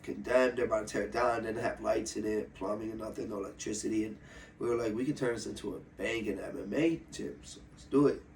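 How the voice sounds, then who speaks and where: A young man from Ohio, an MMA fighter, telling his story in a loose, profane, animated way during a casual interview. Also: fairly low pitch, echoey room. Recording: slightly distant mic with faint room noise.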